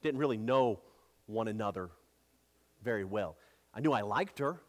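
Speaking at normal speed in a darkish, rather low and animated voice, a thirty-something pastor delivers a sermon that climbs to emphatic repeated lines. When he shifts to family stories he grows chatty, stumbling and repeating words.

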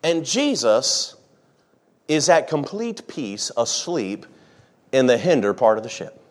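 A man preaching a sermon, who jokes with the congregation and acts out scenes, swinging from hushed asides to shouting. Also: mid-range voice, very animated, slow pace. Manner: dramatic, acts out the disciples' panic, swings from quiet to shouting. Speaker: pastor.

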